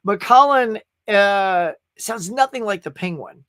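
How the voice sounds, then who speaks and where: A man hosting a casual live stream, rambling and animated as he reads viewer comments. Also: high-pitched, unhurried, no room sound, clean studio sound. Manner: rambling, animated, full of restarts. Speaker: livestream host.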